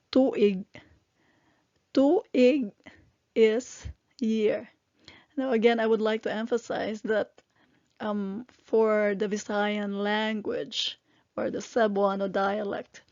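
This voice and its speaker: Filipina woman teaching vocab real slow, patient, dry dull-ish recording. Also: medium pitch, darkish tone, dry recording. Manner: patient, spells out syllables, frequent um and uh. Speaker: language teacher. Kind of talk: slow, explanatory language lesson.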